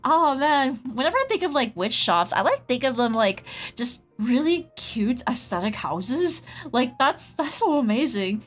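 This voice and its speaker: Higher-voiced woman rambling casually on stream. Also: very animated, normal speed, few pauses. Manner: rambling storytelling, heavy use of "like"; greets chatters mid-story. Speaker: streamer and artist. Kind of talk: casual chat while drawing on stream. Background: faint background music.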